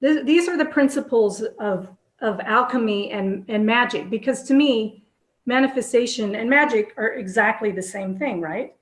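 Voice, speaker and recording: A woman co-hosting a casual spiritual discussion, talking enthusiastically in quick bursts with restarts. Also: on the high side, roomy sound. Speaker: co-host.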